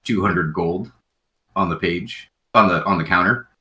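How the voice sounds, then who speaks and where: Deep-voiced man running a tabletop game. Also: measured pace, pushed and bright. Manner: rambling, with frequent ums and uhs. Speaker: game master.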